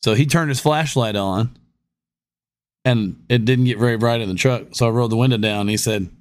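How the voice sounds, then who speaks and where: A man's voice: mid-range voice, lively intonation, moderate pace, long pauses. A man telling a story in casual podcast chat. He acts out the other people in his story and laughs between lines. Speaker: fire department lieutenant.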